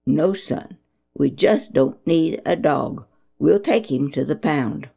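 A firm father, put on by a woman reading a storybook, booms his refusals slowly. The voice is animated and gravelly. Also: full character voice. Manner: firm, booming.

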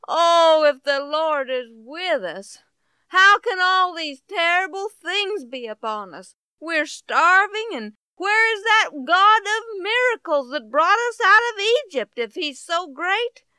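A woman's voice: sits high, very animated, unhurried, sharp tone, no echo, pitched above the performer's own voice, exaggerated voice. A woman doing a stammering, humble young man. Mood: distressed. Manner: pleading, stammering, exclamatory.

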